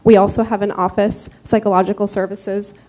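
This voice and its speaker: A soft-spoken woman, a clinical psychology fellow, giving prepared remarks at a city meeting, with small fillers. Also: medium pitch, level tone, fairly quick, rough recording. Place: city commission chamber.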